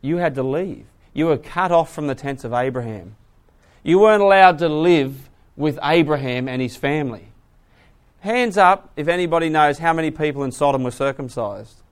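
A man preaching a sermon, retelling a story with lively voices and asking the audience questions. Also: on the high side, moderate pace, smooth.

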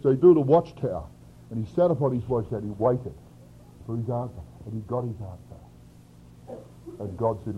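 A man preaching an expository sermon, swinging from loud emphasis to quiet asides. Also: mid-range voice, a little fast, pauses often, a little hiss or hum. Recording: dull lo-fi sermon recording.

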